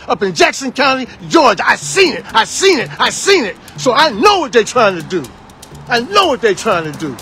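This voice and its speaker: A man's voice: high voice, a bit bright, slight background noise. A man in his sixties from Washington, D.C., giving a fiery, preachy political monologue and repeating phrases for emphasis. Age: 60s.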